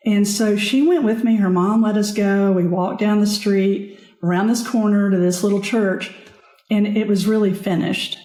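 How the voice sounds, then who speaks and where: A woman guest on a podcast, telling her own story in an earnest, halting way with frequent restarts. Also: medium pitch, fairly even intonation, warm tone. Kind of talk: candid personal storytelling. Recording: echoey room.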